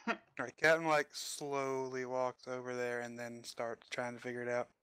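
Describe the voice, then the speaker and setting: A man's voice: mid-range voice, level tone, moderate pace, a bit bright, clean tone, dry recording. A man playing a tabletop game, describing what his character does. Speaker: player.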